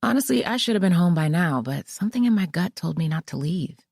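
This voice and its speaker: Low-voiced woman narrating an audiobook. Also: animated, quick pace, vocal fry, a little mellow, slightly rough, dry recording, studio quality. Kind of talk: scripted first-person narration.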